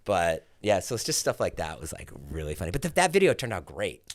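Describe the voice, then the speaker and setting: A low-voiced man in his forties talks briskly in a clean studio recording with no room sound. As a podcast guest in casual chat, he's an animated storyteller who loudly acts out what other people said.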